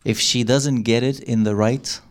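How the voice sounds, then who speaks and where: A middle-aged man giving a live talk to an audience in a room, animated, acting out lines and laughing often. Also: mid-range voice, unhurried. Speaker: workshop speaker.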